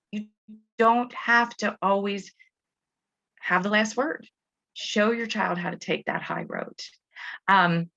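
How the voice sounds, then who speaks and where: A woman's voice: mid-range voice, fairly even intonation, takes it slowly, vocal fry, long pauses, a bit bright. Chatty woman educator, lo-fi sound. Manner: chatty, with frequent restarts and fillers. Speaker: Montessori school educator. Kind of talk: parenting talk to parents. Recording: dull lo-fi audio.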